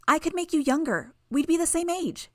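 A woman's voice: sits high, lively intonation, moderate pace, darkish tone, dry recording, studio quality, voice pushed up. A woman voicing a creepy, cheerful little girl who is a surgeon, in a singsong, childish way. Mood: gleeful.

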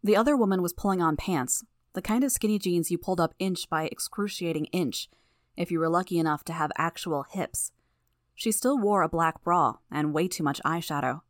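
Brief: woman audiobook narrator, slightly low voice, measured first-person storytelling, dry recording. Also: no room sound.

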